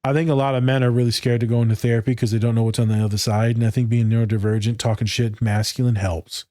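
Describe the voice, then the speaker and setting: A man's voice: mid-range voice, little pitch movement, quick pace, warm tone, no echo, clean studio sound. A man in casual podcast chat, loose and candid, swearing freely and acting out conversations. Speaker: podcast co-host.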